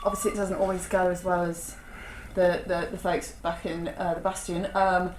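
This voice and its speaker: A British woman at a tabletop game, hesitantly scheming out loud. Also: on the low side, little pitch movement, moderate pace, echoey room, background noise. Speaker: player. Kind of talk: tabletop role-play chat.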